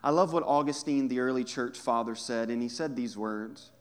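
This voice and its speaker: A man preaching a sermon as a pastor, conversational and humorous, moving between hushed asides and emphatic points. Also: mid-range voice, normal speed, clean tone.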